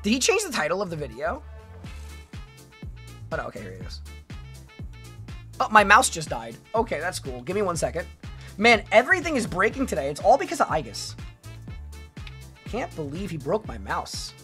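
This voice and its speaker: A woman's voice: lowish voice, huge pitch swings, moderate pace, long pauses, fairly bright tone, soft background music. A woman streamer chatting casually, rambling and playful, with frequent stammering restarts. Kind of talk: casual livestream chat.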